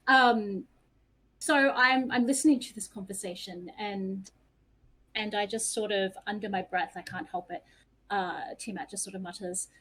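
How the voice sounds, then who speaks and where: A woman's voice: mid-range voice, fairly even intonation, normal speed, fairly bright tone, poor audio. A woman player in a tabletop game, chatty and self-deprecating as she describes her actions.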